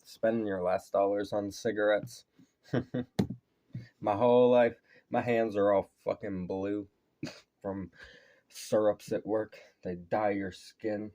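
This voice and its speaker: A relaxed man in his thirties chats through a reaction video in a low voice. It has a worn, tired edge from a long shift of taking orders. He curses casually and laughs along as he goes. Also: slow, long pauses. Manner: laid-back, swears a lot, laughs often. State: tired voice from talking at work.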